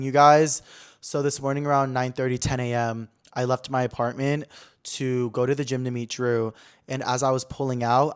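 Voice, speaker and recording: A young man hosting a podcast, chatting casually and telling a story, swearing often and acting out the people he quotes. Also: medium pitch. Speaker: podcast host. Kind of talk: casual chat. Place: apartment room.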